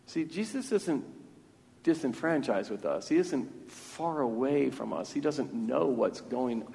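A man's voice: medium pitch, animated, a little slow, creaky, mellow. Earnest preacher man in reverberant church. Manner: earnest, with frequent repeated words and restarts. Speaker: pastor. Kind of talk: sermon. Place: church sanctuary.

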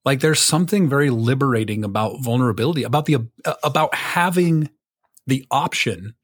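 A man's voice: medium pitch, a little fast, slightly rough, no room sound, studio quality. A young adult man co-hosting a podcast, chatting casually, rambling with many fillers and restarts, and swearing freely. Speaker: podcast co-host. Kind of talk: casual chat.

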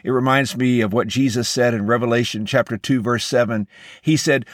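A man's voice: medium pitch, steady tone, dry recording, clean studio sound. Earnest man giving a devotional. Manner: earnest, measured, encouraging. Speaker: host of a devotional podcast. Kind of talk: scripted devotional message.

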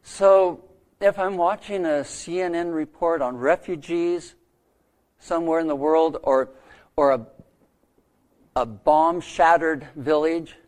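A middle-aged man preaching a sermon, telling a story earnestly with dramatic pauses. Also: fairly high pitch, a little mellow. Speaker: pastor.

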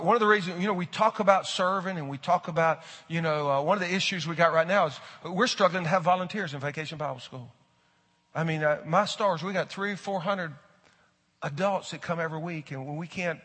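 A man's voice: on the high side, bright, forceful tone, husky. A middle-aged male pastor preaching a sermon in folksy storytelling style, talking straight to his congregation in a large church. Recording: echoey hall with long reverb.

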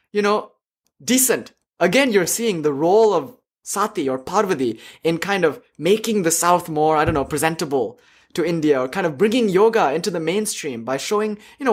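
A male teacher telling old stories to a class in an animated, irreverent way. His voice sits fairly high and has a husky, breathy grain. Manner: animated, irreverent, lively asides. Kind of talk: storytelling lecture.

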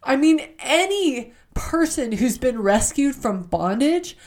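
A woman's voice: sits high, big pitch swings, a little mellow. Earnest woman giving a devotional talk. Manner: earnest, heartfelt, emotional; reads scripture aloud slowly. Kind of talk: devotional talk with scripture reading.

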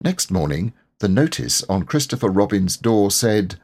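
Male audiobook narrator, low voice, unhurried, animated storybook telling. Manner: gentle, expressive storytelling. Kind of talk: children's storybook reading.

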